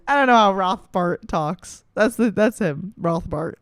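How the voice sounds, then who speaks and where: A woman's voice: medium pitch, no echo, studio quality. A woman in her twenties, talking in a playful, rambling, swearing comedic monologue. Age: 20s. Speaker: vlogger.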